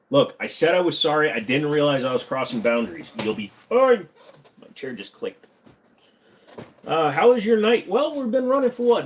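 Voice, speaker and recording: A man hosting a casual live stream from his home computer room at a desk mic, answering viewer questions with jokes. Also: high voice. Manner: slips into a bad Southern accent. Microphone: desk microphone.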